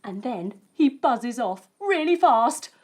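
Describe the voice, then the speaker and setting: A woman's voice: a little high, big pitch swings, slow pace. A woman leading a children's yoga lesson as a story, playful and encouraging. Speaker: kids' yoga teacher.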